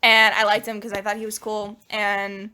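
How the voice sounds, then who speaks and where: A woman's voice: medium pitch, completely flat delivery, normal speed, bright, forceful tone, smooth. A young woman, a podcast co-host, telling a personal story in casual chat, hesitant and full of fillers.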